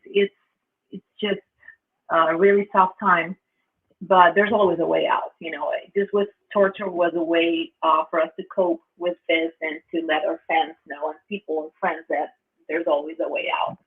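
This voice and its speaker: A man guesting on an interview as a band member, talking in halting bursts with many fillers. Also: a little high, level tone. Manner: halting, full of fillers and restarts. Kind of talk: casual interview chat. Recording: tinny phone-like line.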